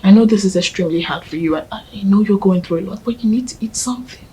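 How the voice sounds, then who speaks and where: An actress playing a gentle young woman who tenderly coaxes her grieving partner, often speaking in a hush. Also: medium pitch, fast, slightly rough, poor audio. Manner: tender and coaxing, often hushed. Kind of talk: film drama acting.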